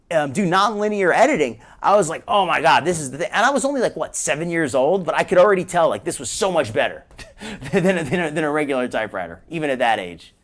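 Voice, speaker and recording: A man in his forties hosting a live stream, rambling casually while reacting to clips. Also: a little high. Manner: rambling, chatty, quotes his younger self in a raised voice.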